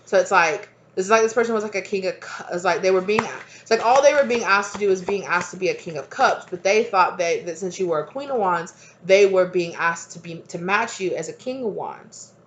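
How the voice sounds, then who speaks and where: A woman's voice: mid-range voice, fairly quick, dull audio, a little hiss or hum. A woman giving a casual spoken tarot reading, rambling and repeating herself with lots of fillers and chatty asides. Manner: laughs easily, chatty asides. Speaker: tarot reader.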